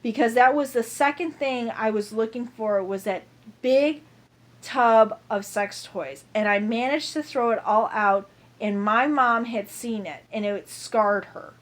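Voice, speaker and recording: A woman's voice: a little high, measured pace. A woman ranting to camera in a heated, profane monologue, repeating herself over and over.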